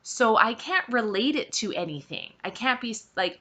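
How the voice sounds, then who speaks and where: Lively, bright-voiced woman vlogger. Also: high voice, moderate pace. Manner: emphatic, candid, exasperated retelling. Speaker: vlog host. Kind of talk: personal storytelling to camera.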